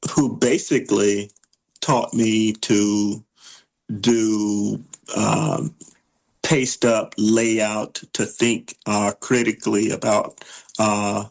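A middle-aged illustrator of children's books, answering interview questions in a halting way with many fillers and restarts. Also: male voice, lowish voice, creaky, low-quality recording.

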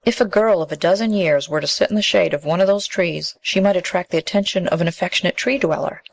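A woman narrating a fairy tale in a measured, expressive storybook reading. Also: lowish voice, vocal fry, rough recording.

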